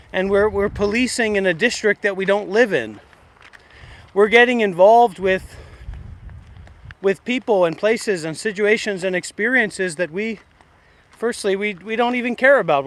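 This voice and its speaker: A man's voice: high voice, moderate pace, pauses often. A man hosting a meditation livestream, talking bluntly and rambling in a confrontational way as he answers his critics. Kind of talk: casual livestream rant.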